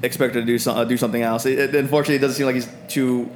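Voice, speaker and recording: A man's voice: medium pitch, flat delivery, racing, roomy sound, a little hiss or hum. Rambling male game master. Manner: rambling, hesitant, full of "uh" and "like". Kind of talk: narrating a tabletop game.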